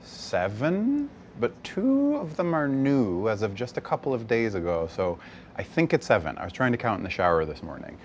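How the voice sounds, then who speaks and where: A young man from the US West Coast, an actor chatting casually in an interview, animated and laughing often. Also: medium pitch, moderate pace, muffled recording, slight background noise. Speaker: actor guest. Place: bar.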